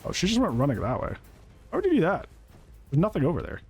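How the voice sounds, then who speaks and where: A man's voice: fairly high pitch, huge pitch swings, fast, a little mellow, slightly rough, faint music behind. A man giving casual, jokey commentary while he plays a video game, talking to the players on screen, laughing and swearing often. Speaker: gaming YouTuber. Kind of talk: live gameplay commentary.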